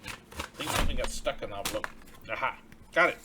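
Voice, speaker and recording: A man's voice: medium pitch, animated, quick pace, background noise. A man hosting a casual livestream, chatting and reading viewer mail aloud in a grateful, friendly way. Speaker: livestream host.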